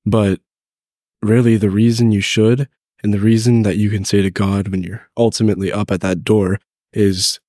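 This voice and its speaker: A teenage boy, congested with a cold, appears as a guest on his father's casual faith podcast, answering questions about faith thoughtfully and a little hesitantly. His voice is fairly low and darkish with little pitch movement and a moderate pace, in a studio-quality recording with no echo.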